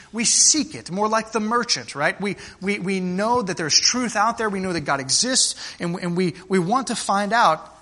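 A man preaching a sermon to his congregation, earnest and direct, often restarting phrases and slowing down to stress key words. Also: high voice, bright, forceful tone. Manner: earnest, with frequent restarts and slowed emphasis. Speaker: pastor.

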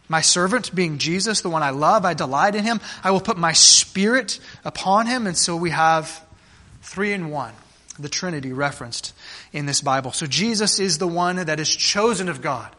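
High, bright-voiced male preacher. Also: animated, moderate pace. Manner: conversational preaching with rhetorical questions; stumbling restarts and repeated words. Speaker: pastor. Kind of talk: sermon.

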